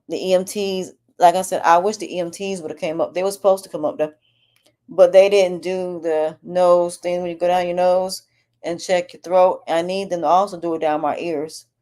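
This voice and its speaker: With a fairly low pitch and a darkish tone, a woman delivers a rambling, candid monologue on her health as a podcast host. Her throat is sore and swollen, and she frequently restarts what she's saying.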